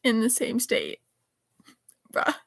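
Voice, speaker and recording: A woman's voice: a little high, big pitch swings, slow, gravelly, a bit bright, husky. A teenage girl chatting casually, rambling and correcting herself as she reads old text messages aloud. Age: teens. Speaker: vlogger. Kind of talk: casual chat reading texts aloud.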